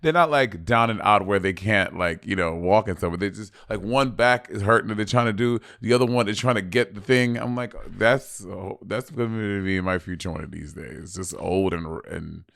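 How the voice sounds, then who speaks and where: Campy gravelly man in his thirties. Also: fairly low pitch, fairly quick, few pauses, a bit bright, no room sound, clean studio sound. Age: 30s. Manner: campy, blunt, swears freely. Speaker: podcast co-host. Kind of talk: casual chat.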